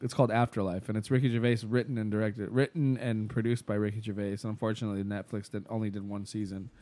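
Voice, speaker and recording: A man's voice: lowish voice, flat delivery, fast, warm tone. A man co-hosting a podcast in casual chat, retelling a show scene in a rambling way with lots of fillers and laughs. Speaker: podcast co-host.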